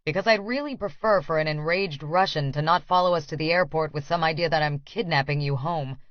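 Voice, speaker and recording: A man's voice: on the high side, fairly quick, no echo, pitched below the performer's own voice, natural voice. A woman voicing a sarcastic, teasing older brother with a dry, joking drawl, in an audiobook. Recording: dry, slightly dull studio audio.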